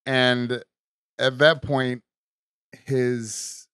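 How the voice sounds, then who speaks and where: Brief: male podcast host, mid-pitched, dry close mic, crude and teasing, does quick voices while recapping. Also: dry recording. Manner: profane, mocking, animated retelling with voices. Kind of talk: casual chat recapping a sitcom episode. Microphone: studio mic.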